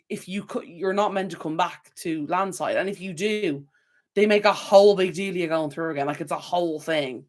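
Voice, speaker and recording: A young Irish woman hosting a live stream from her desk, rambling in casual rants with plenty of fillers. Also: on the low side. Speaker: channel host. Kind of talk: live stream chat with viewers. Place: home desk. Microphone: desk camera mic.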